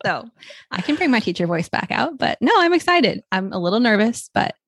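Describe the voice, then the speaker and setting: A young woman co-hosting a podcast, upbeat and quick to joke in a casual chat. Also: mid-range voice, very animated, a bit bright, dry recording, clean studio sound. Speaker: podcast co-host.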